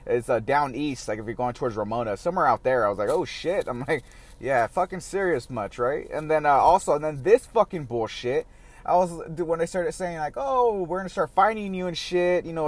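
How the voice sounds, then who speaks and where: A man's voice: medium pitch, no room sound. A man hosting a casual solo podcast, rambling in a profane, laughing, chatty way. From San Diego area. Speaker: podcast host.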